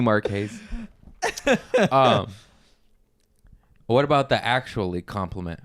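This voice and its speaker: A man's voice: on the low side, takes it slowly, pauses often, smooth, no room sound. A man, a comedian guest on a podcast, joking brashly and swearing in casual chat.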